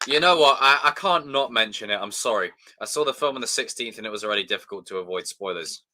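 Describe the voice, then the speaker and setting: A man chatting casually on a live stream, excitable and swearing freely as he talks to his chat. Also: lowish voice, fast.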